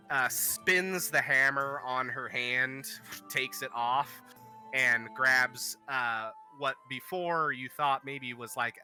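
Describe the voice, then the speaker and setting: Male game master, unhurried, halting, bright voice, faint music behind. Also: medium pitch. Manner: halting, many ums and uhs. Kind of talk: narrating a tabletop game.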